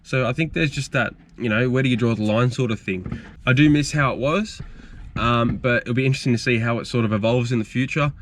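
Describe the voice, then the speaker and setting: A man's voice: medium pitch, fairly quick, a little hiss or hum. A young man, hosting a car channel and telling stories in a casual, rambling, frank Q&A vlog. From Australia. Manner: rambling, frank, storytelling with fillers.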